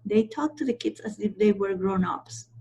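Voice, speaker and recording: A woman's voice: mid-range voice, moderate pace, mellow, breathy edge. A woman trainer giving a training lecture, stressing her points and checking in with the audience as she goes. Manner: emphatic, repeats points and checks in with "okay?".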